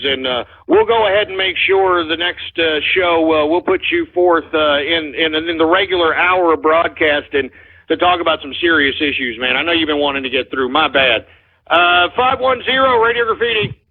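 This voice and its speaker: Brash Texan radio host, phone-like sound. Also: male voice, fairly high pitch, moderate pace, husky. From Texas. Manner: brash, combative, shouts back at callers. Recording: muffled, phone-like radio stream.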